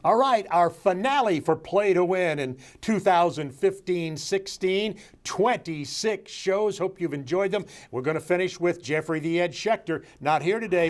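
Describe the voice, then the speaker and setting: A man's voice: high-pitched, lively intonation, measured pace, over music. A man hosting a sports show in a studio, talking casually and joking with his guests. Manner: jovial, joking.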